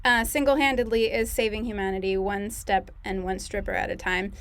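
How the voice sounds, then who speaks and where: A woman's voice: medium pitch, little pitch movement, fairly quick. A woman hosting a comedy livestream in a casual, rambling way, with lots of fillers and giggles. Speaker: host and producer of a comedy show.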